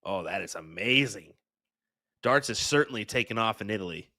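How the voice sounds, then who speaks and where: A man's voice: on the low side, animated, normal speed, pushed and bright, no echo. A man commentating a live darts match, giving chatty, upbeat analysis.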